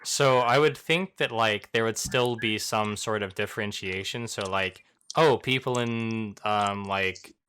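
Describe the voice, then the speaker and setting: A man's voice: on the low side, measured pace, pushed and bright, slight background noise. A young man co-hosting a casual group podcast chat, thinking aloud and rambling with lots of "like" and "um". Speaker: podcast co-host.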